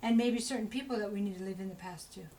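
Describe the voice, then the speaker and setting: A woman's voice: medium pitch, quick pace, dark tone, a little hiss or hum, poor audio. A woman giving a casual spoken tarot reading, chatty and rambling, with many asides to the listener and an encouraging tone. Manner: chatty, rambling, full of "you know" asides; encouraging, talks straight to the listener. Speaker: tarot reader.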